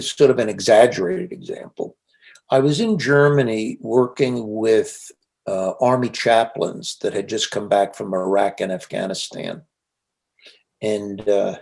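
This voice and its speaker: A man's voice: lowish voice, vocal fry, darkish tone. A man being interviewed, telling reflective stories in a conversational way with frequent restarts. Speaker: interview guest, psychologist and author.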